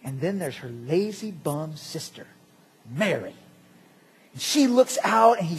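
A man preaching a sermon as pastor, animated and jokey, swinging between loud outbursts and quiet asides. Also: a little high, unhurried, long pauses, a little hiss or hum.

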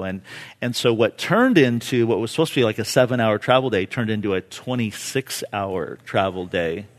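A man preaching a sermon with personal stories, impassioned, swinging from hushed to loud and pleading. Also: medium pitch. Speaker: pastor.

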